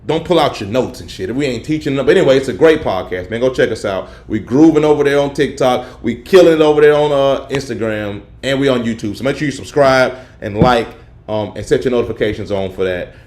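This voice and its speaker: A young man hosting a casual podcast livestream, telling an animated story in profane slang and laughing often. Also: medium pitch, a little fast. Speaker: podcast host. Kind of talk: casual solo livestream chat.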